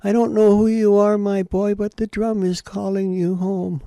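A woman's voice: mid-range voice, little pitch movement, moderate pace, mellow, no room sound, pitched above the performer's own voice, close to an everyday voice. A man voicing a kind old native woman elder, quoting her in a raised, tender way.

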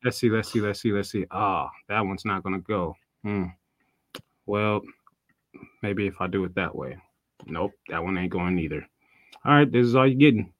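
A man's voice: on the low side, normal speed, pauses often, no echo. An American man co-hosting a casual wrestling podcast, loose and laughing, swearing freely and humming to himself. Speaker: podcast co-host. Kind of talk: casual chat.

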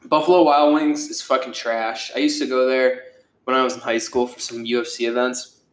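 A young man hosting a casual solo podcast, rambling and swearing freely, with lots of fillers. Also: mid-range voice. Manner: rambling, profane, with many fillers. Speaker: podcast host. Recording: echoey room.

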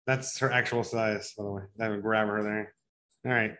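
A man co-hosting a live-streamed show, rambling excitedly and calling people bro. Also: lowish voice, moderate pace. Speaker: co-host. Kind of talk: casual live-stream chat.

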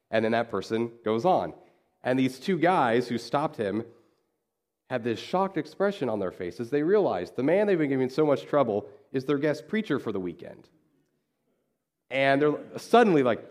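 In church, a pastor delivers his sermon in a conversational style, narrating a story and performing the characters' dialogue. He speaks at normal speed in a mid-range, very animated voice.

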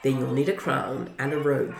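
A woman reads jeering soldiers from a children's storybook, mocking in tone over a low, gravelly voice. The echo of a roomy space hangs around her. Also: fairly even intonation, moderate pace.

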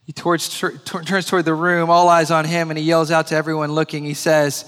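Male preacher, fairly high voice, storytelling sermon, repeats key lines slowly; long church reverb. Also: level tone, fairly bright tone, clean tone. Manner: slows and repeats key phrases for emphasis.

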